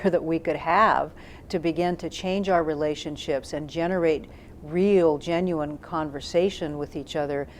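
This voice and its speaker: A woman with a fairly low voice explains ideas about communication, thinking aloud with "um"s and "uh"s. She talks as a trainer and demonstrates questions with shifts in her tone. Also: a little hiss or hum. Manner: thoughtful, demonstrates questions with tone shifts, frequent um and uh fillers. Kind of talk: explanatory talk to camera.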